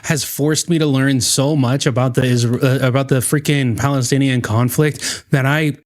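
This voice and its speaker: A man's voice: mid-range voice, fairly even intonation, moderate pace. A man hosting a reaction commentary, talking in a sarcastic, mocking way and swearing often. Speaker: commentary channel host.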